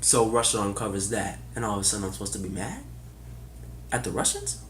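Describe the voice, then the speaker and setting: A man giving a heated political opinion monologue, casual and sarcastic, swearing and firing off rhetorical questions, swinging from loud outbursts to low muttering. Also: a little fast, reverberant. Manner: casual, swears, says y'all. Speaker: political commentator.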